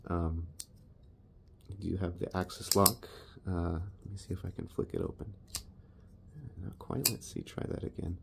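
A man's voice: low-pitched, vocal fry, dark tone, breathy edge. A man casually reviewing his knives in a laid-back, rambling, self-deprecating way. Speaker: knife reviewer.

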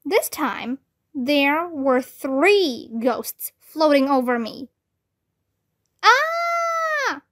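A woman's voice: high-pitched, drawn-out words. A woman reading a children's chapter book aloud, narrating expressively in a boy's first person. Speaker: storybook reader.

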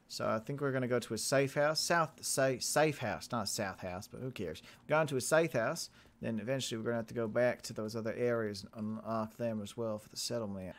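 A young man hosting a let's play, chatting excitably and joking at himself over the game. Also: mid-range voice, moderate pace. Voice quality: chatty, excitable, self-mocking. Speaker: gaming channel host.

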